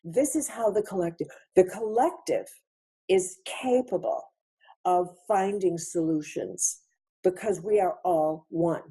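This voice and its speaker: A woman's voice: fairly low pitch, a little slow, dark tone, slightly rough. A woman giving a spiritual lecture over a webinar, reflective, repeating phrases for emphasis. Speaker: featured speaker.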